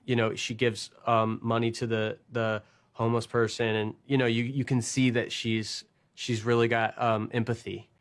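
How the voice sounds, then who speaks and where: A man, the screenwriter, talking casually in an interview and pausing with fillers. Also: mid-range voice. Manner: relaxed, hesitant, with fillers.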